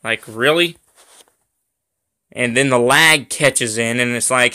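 A man's voice: medium pitch, slow, bright, forceful tone. A man giving casual gameplay commentary as a video host, rambling with frequent ums and uhs and getting irritated at lag. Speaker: gaming YouTuber.

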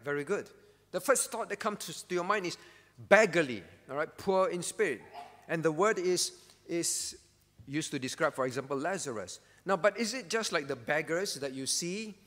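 A man preaches in an earnest, teaching way, often pausing to check that his listeners follow. His voice sits a touch higher than most men's. The church hall around him adds a long, ringing reverb. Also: expressive, fairly bright tone. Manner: earnest teaching, with frequent "all right?" check-ins and questions to the congregation. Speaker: pastor. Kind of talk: sermon at a prayer meeting.

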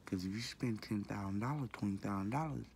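A deep, gravelly-voiced man rambles on in a loose, slangy, repetitive way, cussing now and then. He talks casually to his viewers with a low, rough tone. Faint background noise sits under his voice. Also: fairly quick, darkish tone. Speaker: vlogger. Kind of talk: casual talk to camera.

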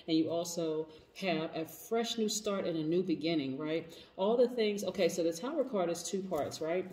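A woman's voice: low-pitched, warm tone. A woman giving a spoken tarot reading, enthusiastic and repeating affirmations of yes. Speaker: tarot reader. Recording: echoey room, voice off-mic, faint noise.

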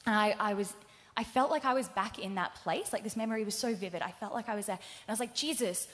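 Young woman sharing a faith testimony. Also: mid-range voice. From Australia. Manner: candid and halting, many fillers, acts out her own past words. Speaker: speaker giving a testimony. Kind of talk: personal faith testimony to a live audience. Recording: live event hall reverb.

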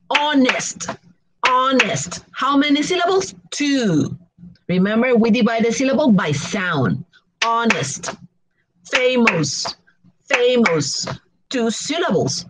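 Slow, lively woman teaching English. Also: mid-range voice, a little hiss or hum, rough recording. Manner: slow, drawn-out repeating of words for learners. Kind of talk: recorded grammar lesson.

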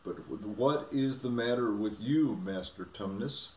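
A steady young king, calm and resolute, as a man reads him. The voice sits in a middle range and is heard in a roomy space. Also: mid-range voice, unhurried, natural voice. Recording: roomy, from a distance.

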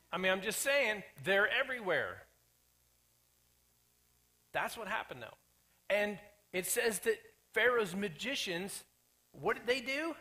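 A man preaching a sermon as pastor, animated, joking and acting out the people in the story. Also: sits high. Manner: animated, acts out quoted characters, jokey asides. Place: church sanctuary.

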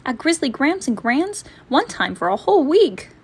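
A woman voicing an excited little girl bear cub who pleads in a bubbly way in a storybook read-aloud. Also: high voice, moderate pace, a little hiss or hum, pitched above the performer's own voice. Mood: eager.

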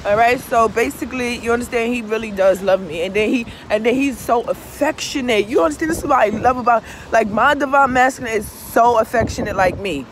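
A woman's voice: fairly high pitch, a little fast, hardly any pauses. A woman pours out a casual, confessional monologue full of swearing and emphatic repeats. She keeps turning to the listener for agreement. A faint hum of traffic hangs in the background of the outdoor recording. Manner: profane, emphatic, keeps asking "you understand?". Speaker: tarot reader and vlogger.

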